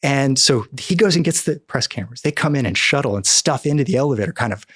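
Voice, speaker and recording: A man's voice: mid-range voice, fast talker, breathy edge, no room sound. Middle-aged guy from the midwest telling a wild story on a podcast, acts out the voices, dry close sound. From American Midwest. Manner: animated storyteller, acts out quoted dialogue. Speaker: podcast guest, cannabis activist.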